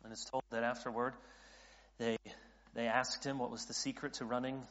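A pastor in his late thirties preaches earnestly, often restarting sentences as his intensity builds. His mid-range voice is a bit bright, with a flat delivery at normal speed, and the audio sounds dull in a reverberant hall.

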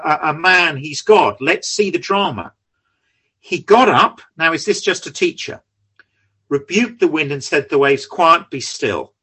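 A man preaching an expository sermon, animated, stumbling over repeated words as he builds each point. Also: on the high side, slightly rough.

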